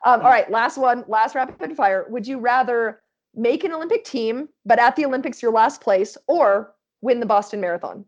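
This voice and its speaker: A woman's voice: fairly high pitch, lively intonation, normal speed, lo-fi sound. A woman guest on a podcast, chatting casually and telling stories with lots of "like" fillers. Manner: chatty storyteller, frequent "like" fillers. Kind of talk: casual chat.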